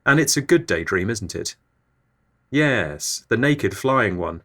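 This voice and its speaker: Deadpan low-voiced man. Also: slow. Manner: deadpan, low-key delivery. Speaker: comedy podcast host. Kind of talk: absurdist comic monologue.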